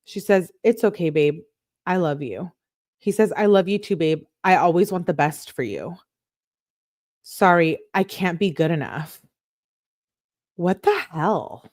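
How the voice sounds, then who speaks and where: Female commentator, lower register, dry recording; reads texts plainly, exasperated asides. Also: a little slow, no echo. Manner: reads both sides of the texts in a flat reading tone, breaks in with exasperated asides. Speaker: true crime commentator on a livestream. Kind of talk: reading out text messages with commentary.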